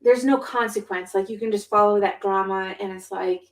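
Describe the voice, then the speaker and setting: A woman co-hosting a podcast and chatting casually. Her pitch sits in the middle of her range. She rambles and gets excited, packing her stories with fillers and restarts. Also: normal speed. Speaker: podcast co-host. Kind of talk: casual chat. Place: home.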